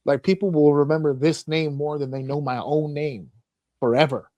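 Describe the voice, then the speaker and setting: A man talks in a casual, profane rush, with a fairly high voice that jumps up when he mocks people. He is recorded dry and close, with no room sound behind him. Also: normal speed, dry recording, lo-fi sound. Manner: profane, animated storytelling with mocking fan voices. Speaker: podcast host. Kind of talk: casual chat.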